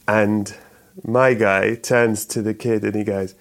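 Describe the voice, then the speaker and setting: A middle-aged man chats as an interview guest, his voice sitting a little low. He rambles, corrects himself mid-sentence and breaks into small chuckles. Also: steady tone, measured pace. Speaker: actor and writer guest. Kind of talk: relaxed interview chat.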